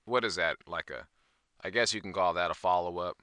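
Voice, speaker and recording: A man's voice: low-pitched, a little fast, pushed and bright, no room sound, studio quality. A man hosting his own podcast in a laid-back, slangy, profane manner. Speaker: podcast host. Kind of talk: casual podcast monologue.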